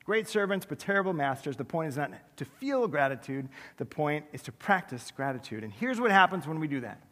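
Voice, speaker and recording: A man preaching a sermon as pastor, conversational and self-deprecating, with quick humorous asides. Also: fairly high pitch, very animated, fairly bright tone, big-room sound. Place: large church sanctuary.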